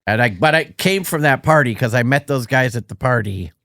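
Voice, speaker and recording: A man's voice: mid-range voice, lively intonation, a little fast, a bit bright, no room sound, studio quality. Rambling man telling a long story. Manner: rambling storyteller, searches for words. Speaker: podcast co-host. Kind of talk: casual chat. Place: Los Angeles.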